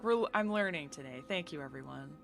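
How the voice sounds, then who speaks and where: A woman's voice: deep voice, lively intonation, fast, creaky, faint music behind. An American woman streaming live, chatting casually with viewers in a giggly, filler-heavy way.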